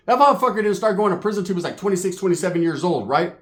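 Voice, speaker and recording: A man telling a comic story, animated and profane, acting out the voices of the people in it. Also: sits high, very fast. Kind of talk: comedic storytelling.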